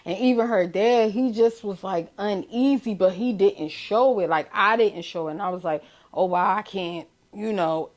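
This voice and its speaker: A middle-aged mother with a Philadelphia accent speaks in a documentary interview. Her account comes in halting pieces, broken by restarts and pauses, and she recounts events with raw emotion. Her voice sits at an ordinary middle pitch for a woman. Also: darkish tone. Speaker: bereaved mother.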